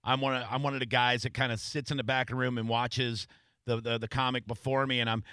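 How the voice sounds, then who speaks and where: Male radio host, bright and forceful, dry close mic, rambling storyteller. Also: mid-range voice, level tone, fast, clear, resonant tone, no room sound. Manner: rambling storyteller, many restarts and fillers. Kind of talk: casual radio interview chat.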